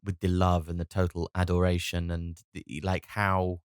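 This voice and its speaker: Brief: tired man, 30s, solo comic podcaster, deep voice, halting, sweary, dry close sound. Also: completely flat delivery, clear, resonant tone, dry recording. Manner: rambling, halting with many restarts and fillers; swears casually, wry and self-mocking. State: tired from lack of sleep. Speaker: comedian and solo podcast host. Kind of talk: rambling solo podcast monologue.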